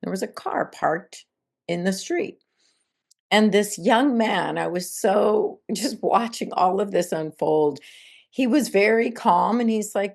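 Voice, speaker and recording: A woman hosting a spiritual self-help podcast, talking in a gentle, reflective way and telling everyday stories. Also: mid-range voice, expressive, slow pace, gravelly. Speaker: podcast host.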